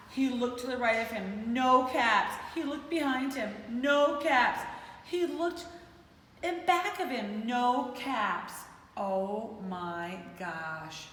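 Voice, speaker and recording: Lady doing storytime for little kids, lively and bouncy, big echoey room with a hum. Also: on the high side. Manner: animated, talks to kids and plays with puppets. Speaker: children's storyteller. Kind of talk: reading a picture book aloud to children. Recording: echoey hall with faint noise.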